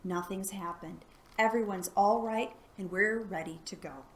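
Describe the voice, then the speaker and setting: A woman voicing a brave, clever young boy adventurer in a storybook read-aloud, hushed and earnest. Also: medium pitch, a little slow, lightly acted. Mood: hushed planning.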